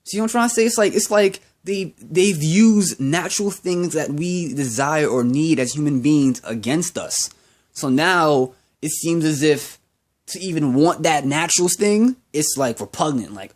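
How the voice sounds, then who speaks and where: A man's voice: fairly high pitch, expressive, moderate pace. A young man ranting in a vlog monologue, profane and heated, repeating himself as he goes. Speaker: vlogger.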